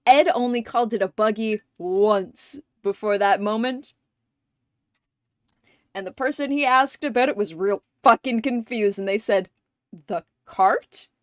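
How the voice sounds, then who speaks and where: A woman's voice: a little high, unhurried, no echo, studio quality. A woman streamer chatting casually with viewers, swearing freely, laughing often and rambling through anecdotes.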